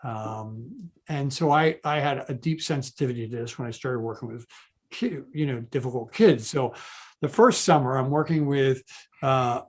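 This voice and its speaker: Animated man telling a story. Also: medium pitch, moderate pace. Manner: animated, many restarts, quotes others in his own voice. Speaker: child behaviorist guest. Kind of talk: conversational interview storytelling.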